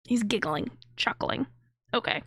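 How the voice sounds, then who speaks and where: A woman's voice: on the high side, animated, unhurried, fairly bright tone, breathy edge, dry recording, clean studio sound. A woman streamer giving live reaction commentary on a video, blunt and indignant, swearing freely.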